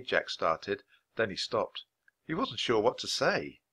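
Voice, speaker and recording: A man reading a children's chapter book aloud for language learners, clear and measured. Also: on the low side, sing-song, pushed and bright. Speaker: storybook reader. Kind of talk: scripted narration for language learners.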